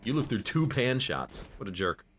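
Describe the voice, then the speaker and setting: Over game music and a noisy background, a male streamer chats casually as he plays, joking about the game and himself. His mid-range voice is sing-song and moves at a moderate pace.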